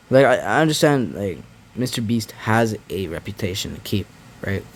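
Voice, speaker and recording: A young man rambling in a casual, filler-heavy rant, often frustrated and saying bro, through a muffled mic. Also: lowish voice. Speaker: gaming YouTuber. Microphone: muffled mic blocked by device case. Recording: muffled audio with faint background noise.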